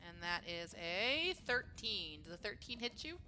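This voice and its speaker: A woman running a tabletop game as dungeon master, chatty and quick to laugh. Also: medium pitch, very animated, noisy background.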